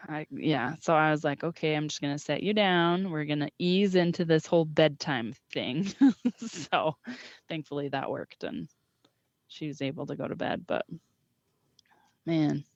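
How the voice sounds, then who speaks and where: Young woman co-host, casual and self-mocking, slightly low voice, dull dry recording. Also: unhurried, no echo. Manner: rambling, self-deprecating, laughs often. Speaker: podcast co-host. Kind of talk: casual chat. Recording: dull lo-fi sound.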